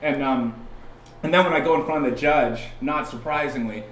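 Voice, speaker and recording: A man from California, a podcast guest, telling a story in a casual, animated way, often restarting and acting out the people he quotes. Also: medium pitch, moderate pace, a little hiss or hum. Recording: roomy sound from a distant mic, faint ambience.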